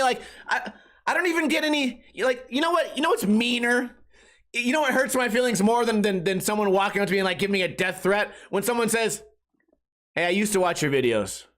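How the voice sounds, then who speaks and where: A man's voice: very high voice, a bit bright. A man in his thirties hosting a solo podcast, delivering a loose comedic rant. He swears freely and jumps into mocking voices of other people. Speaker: podcast host.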